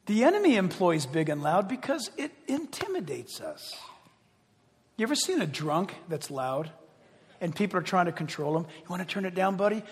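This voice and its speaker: A man preaching a sermon as pastor, animated and conversational, often acting out quotes. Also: high voice, normal speed, big-room sound.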